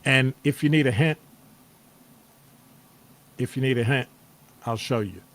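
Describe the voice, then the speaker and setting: Midwestern man, casual motivational talk, animated and playful, acts out reactions. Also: medium pitch, unhurried. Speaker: host. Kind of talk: casual motivational talk to a live-stream audience. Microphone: streaming setup microphone.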